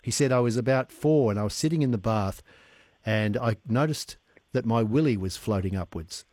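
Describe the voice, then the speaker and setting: A man's voice: medium pitch, normal speed, no echo. A man hosting a radio show, chatting casually and laughing easily as he tells stories. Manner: laughs easily, animated storyteller. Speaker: radio host.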